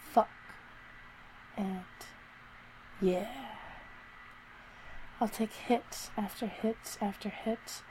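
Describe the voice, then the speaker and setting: A woman narrating a first-person erotic story in a slow, soft, intimate way. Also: mid-range voice, a little hiss or hum, rough recording.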